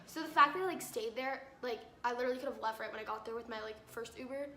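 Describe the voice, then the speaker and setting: A woman's voice: fairly high pitch, quick pace, a bit bright, slight background noise. A teenage girl vlogging a storytime, exasperated and full of "like" fillers, in a roomy space. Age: teens. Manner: exasperated, filler-heavy retelling. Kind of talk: storytime vlog. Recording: roomy echo with faint ambience.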